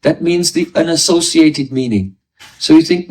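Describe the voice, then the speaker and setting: A man's voice: fairly high pitch, moderate pace, darkish tone, recorded from a distance, low-quality recording. A man giving a devotional class lecture, explaining ideas through everyday examples and often checking in with his listeners. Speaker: spiritual teacher.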